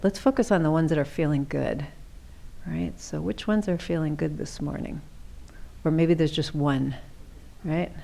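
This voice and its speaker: A middle-aged woman leading a seated yoga class, giving gentle, chatty cues and often checking in with "right?". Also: lowish voice, creaky. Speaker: chair yoga instructor.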